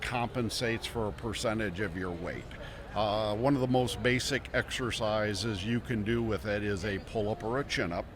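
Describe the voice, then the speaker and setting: Man explaining gear on a crowded show floor. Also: normal speed. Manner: steady explanatory pitch. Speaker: inventor of fitness equipment. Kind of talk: trade show interview. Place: busy home show floor indoors. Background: crowd chatter.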